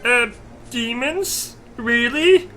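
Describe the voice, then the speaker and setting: A man's voice: very high voice, extremely slow, sharp tone, faint music behind, pitched above the performer's own voice, heavily acted. A man voicing a timid, hesitant male sidekick who opens nearly every line with a nervous "um".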